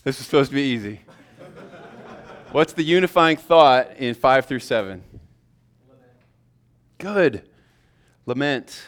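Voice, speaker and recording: A man's voice: mid-range voice, expressive, slow pace, long pauses. A man teaching a class on sermon preparation in a loose, conversational way, with fillers and restarts. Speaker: preaching instructor.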